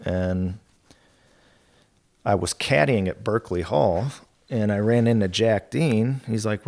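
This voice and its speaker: A man speaking as a podcast guest, telling stories in a relaxed, candid way. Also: lowish voice, unhurried, vocal fry. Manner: relaxed and candid, with mild swearing and laughs. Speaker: guest, golf equipment territory manager. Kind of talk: casual storytelling.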